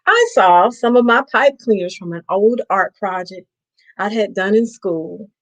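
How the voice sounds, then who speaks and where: A woman reads a children's picture book aloud in a slow, unhurried way, pausing often to ask her young listeners playful questions. Her voice sits at an ordinary middle pitch. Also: animated, rough recording. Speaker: host reading to children. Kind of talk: reading a picture book aloud on a live stream.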